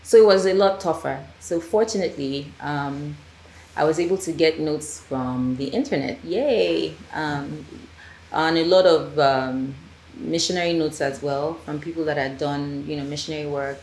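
A woman's voice: low voice, moderate pace. A Nigerian woman, a filmmaker guest on a podcast, chatting casually and acting out the people she quotes. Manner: animated storyteller, acts out quotes. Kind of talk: casual conversational interview. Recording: echoey room, faint ambient noise.

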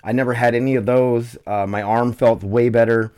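A man's voice: mid-range voice, steady tone, moderate pace, darkish tone, smooth. A man hosting his own podcast in a loose, rambling way, full of fillers, swearing and self-deprecation, while dealing with nerve pain. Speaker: podcast host. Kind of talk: casual solo podcast talk.

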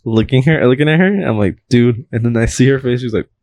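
A man's voice: medium pitch, a little fast, darkish tone, no echo. A young man hosting a podcast in casual chat, rambling through stories, swearing and laughing often. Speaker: podcast host.

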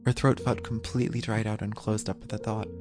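Guy narrating a spooky audio drama, very flat delivery, loud music under him. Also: on the low side, brisk.

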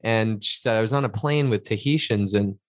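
A man's voice: fairly low pitch, brisk, no room sound, studio quality. A man co-hosting a podcast, talking casually and earnestly in a reflective, motivational way. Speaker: podcast co-host. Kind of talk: casual chat.

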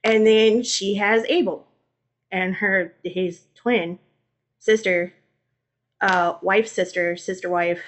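A young woman co-hosting a podcast, retelling old stories in an animated, slangy, comedic way. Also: medium pitch, slow, pauses often. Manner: animated, slangy, acts out voices. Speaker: podcast co-host. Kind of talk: comedic storytelling.

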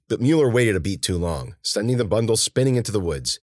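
A man's voice: fairly low pitch, big pitch swings, fairly quick, few pauses, darkish tone, dry recording, studio quality. A man narrating an audiobook in a tense, dramatic way.

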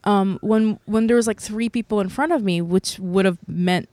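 A woman's voice: medium pitch, moderate pace, a little mellow, slight background noise. A woman telling a candid personal story about being a mother, swearing freely and filling her talk with "like". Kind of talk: casual podcast chat.

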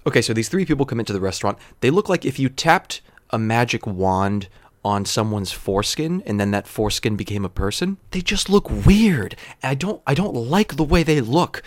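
A man in his thirties telling a comedic story with wry, digressive deadpan asides. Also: on the low side, no room sound. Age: 30s.

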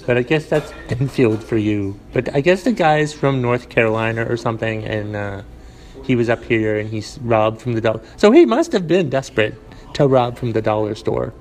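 Solo podcast host, New man, mid-pitched, rambling deadpan delivery, lots of ums and restarts. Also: normal speed, poor audio. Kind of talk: casual solo podcast monologue.

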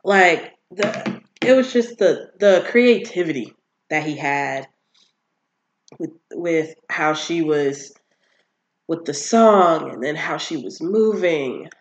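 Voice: mid-range voice, animated, slow, dull audio, slight background noise. A vlogger casually recapping a TV series, rambling with lots of fillers and acting out the characters' lines.

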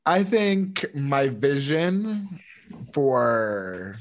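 A man co-hosting a podcast, chatting casually about his goals. He talks in an animated, restless way, restarting his sentences often. His voice sits in an ordinary middle pitch. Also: extremely slow. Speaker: podcast co-host.

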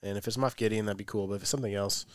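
A man hosting a podcast in casual chat, relaxed and steering the talk. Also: fairly low pitch, rapid-fire, clear, resonant tone, no room sound, studio quality. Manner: relaxed, wraps up the show. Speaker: podcast host.

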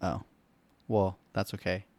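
A man in casual movie talk as co-host, excitable and quick to laugh. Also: sits low, dry recording, studio quality.

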